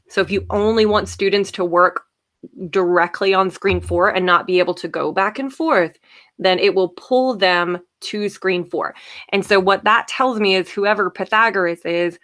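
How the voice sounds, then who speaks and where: Chatty upbeat woman teacher demoing software. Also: fairly low pitch. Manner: chatty, upbeat, frequent "okay" and "yay". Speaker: teacher presenting a webinar. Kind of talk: casual live software demo.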